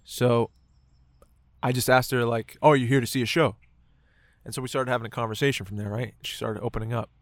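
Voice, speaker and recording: Choked up, a man tells a moving personal story in casual conversation, swearing often and peppering his speech with "like" and "right." His medium-pitched voice is steady and brisk, with no room sound.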